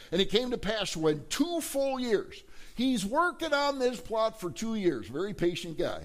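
A male pastor delivers a sermon in an animated storytelling style. His voice sits fairly high, and he throws rhetorical questions at the congregation.

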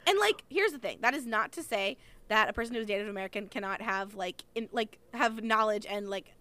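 A woman chatting casually about a book with a friend, animated and sarcastic, swearing freely. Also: medium pitch, a little fast. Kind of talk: casual book discussion chat.

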